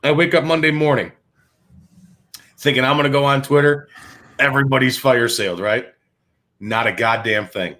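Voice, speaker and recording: A man's voice: medium pitch, steady tone, normal speed, pauses often, bright, forceful tone. A man hosting a sports talk show, ranting with profanity and many restarts. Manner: fired-up, profane, repetitive restarts. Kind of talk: heated sports radio rant.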